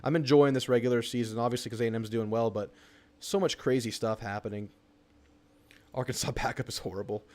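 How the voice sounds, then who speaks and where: A man's voice: medium pitch, a little fast. A young man, hosting a live fan stream about college football, reading chat comments and reacting to a game. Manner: excitable, reads chat comments aloud. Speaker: sports talk show host.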